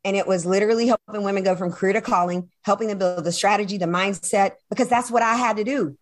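A woman being interviewed, telling her personal story in an animated, emphatic way, often turning to the listener and acting out what people said. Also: mid-range voice, fast talker. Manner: animated and emphatic, acts out quoted dialogue, many fillers and asides to the listener. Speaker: interview guest, speaker and coach. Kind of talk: personal story told in conversation.

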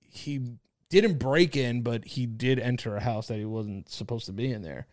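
A man's voice: mid-range voice, normal speed, a little mellow, no echo, clean studio sound. A young man co-hosting a podcast, telling a story in rambling, slangy casual chat full of filler words. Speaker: podcast co-host.

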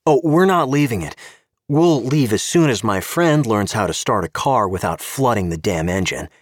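A man's voice: on the low side, animated, moderate pace, no echo, studio quality. Man doing a wry, cornered American spy. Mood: feigned cheer. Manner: wry, feigning cheerfulness.

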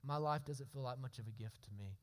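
A man's voice: mid-range voice, quick pace. A man preaching a sermon as pastor, earnest, often repeating and restarting words and asking "right?" to the congregation.

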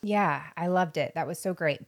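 Woman podcast co-host, middle-aged, playful and teasing, lower register. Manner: playful, teasing, quick to laugh. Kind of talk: casual chat.

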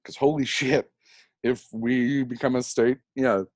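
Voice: mid-range voice, steady tone, measured pace, darkish tone, no room sound, studio quality. A podcast co-host in casual chat, laughing often and bantering wryly with profanity.

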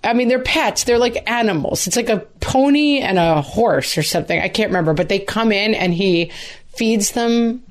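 A woman in her thirties co-hosting a casual podcast chat, telling stories in a wry, animated way. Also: medium pitch, normal speed. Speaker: podcast co-host.

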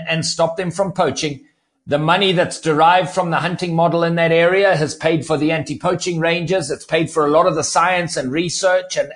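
A man speaking as a conservationist guest in an interview, explaining at length and repeating words as he starts sentences. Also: on the high side. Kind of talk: podcast interview.

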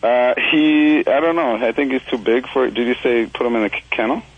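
A man's voice: medium pitch, a little fast, breathy edge, phone-quality sound. A man from Minnesota calling in to a radio show about his dog, hesitant and full of ums. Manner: hesitant, lots of ums, laughs easily. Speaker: caller. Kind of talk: phone-in call.

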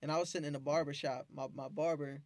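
A man, a beat producer, telling profane, animated stories in a casual interview. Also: fairly high pitch, quick pace, no echo. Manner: profane, animated storytelling with acted-out quotes.

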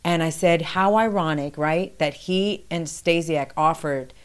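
Interview guest, woman, lower-pitched, tells stories with lively acted-out quotes. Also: a little slow, smooth. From New York City. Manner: animated, acts out quoted dialogue with rising pitch. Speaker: guest recounting past experience. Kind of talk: conversational storytelling.

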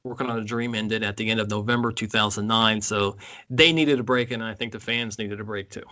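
A man's voice: fairly low pitch, fairly even intonation, bright, forceful tone, muffled recording. A man co-hosting a podcast, chatting casually and enthusiastically about concert tours, often restarting his sentences. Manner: enthusiastic, halting with restarts and laughs. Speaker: podcast co-host.

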